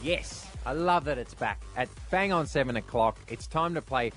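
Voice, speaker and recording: A man's voice: medium pitch, expressive, normal speed, a bit bright, soft background music. A man hosting breakfast radio, bantering, laughing and protesting when teased. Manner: teasing, laughing, defensive. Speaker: radio host.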